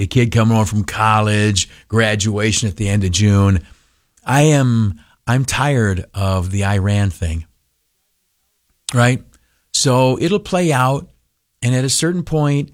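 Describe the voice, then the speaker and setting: A man hosting a morning radio show, talking casually and rambling with many fillers and self-deprecating asides. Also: medium pitch. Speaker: radio host.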